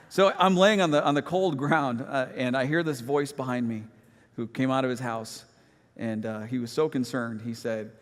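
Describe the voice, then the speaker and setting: A man preaching in a church sanctuary, telling a personal story in a relaxed, self-deprecating way with humorous asides. His voice sits at an ordinary middle pitch. A long reverb trails every phrase. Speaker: pastor.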